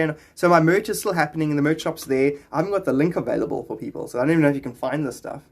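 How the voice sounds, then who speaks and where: A man's voice: a little high, rapid-fire, breathy edge. A man chatting on a live stream, reading viewers' comments and rambling into spiritual musings.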